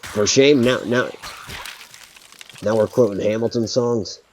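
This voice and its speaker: A man's voice: on the low side, a little slow, a little mellow, a little hiss or hum. A man streaming a pirate game, chatting casually with a friend, joking, swearing freely and laughing often. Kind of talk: casual chat while gaming.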